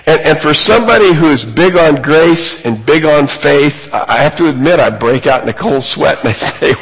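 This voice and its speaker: A man's voice: fairly high pitch, lively intonation, normal speed, a bit bright, breathy edge. A man preaching a sermon in an earnest, emphatic way, lifting his voice on key points. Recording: long reverb of a large hall.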